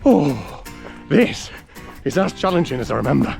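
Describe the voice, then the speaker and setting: A man's voice: fairly high pitch, very animated, normal speed, gravelly, darkish tone, faint music behind. A man with a North East English accent, chatting cheerily and laughing as he vlogs a trail run, out of breath. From North East England. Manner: chatty, cheery, laughs often, greets runners. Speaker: running vlogger. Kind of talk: casual vlog commentary while trail running. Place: outdoor hill and woodland trail.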